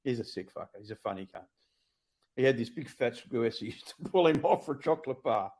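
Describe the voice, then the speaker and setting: A middle-aged Australian man with an ordinary mid-range voice rattles along at a fast clip. He is blunt and profane, and he speaks his mind in casual conversation. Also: medium pitch, expressive, a little mellow, slightly rough. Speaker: former prisoner sharing his story.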